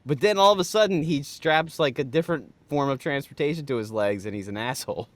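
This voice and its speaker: A man co-hosting a podcast, arguing his points with animated, incredulous questions. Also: mid-range voice, fast talker, no room sound. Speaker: podcast co-host. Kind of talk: casual chat.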